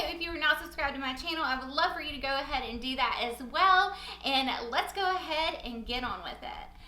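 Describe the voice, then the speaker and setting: A young woman with a Southern US lilt talks brightly through her makeup routine, bubbly and chatty. Her voice sits a little high and sharp. The room is echoey, with a faint hum behind her. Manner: bubbly, chatty, laughs at herself. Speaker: beauty vlogger. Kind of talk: casual makeup tutorial chat.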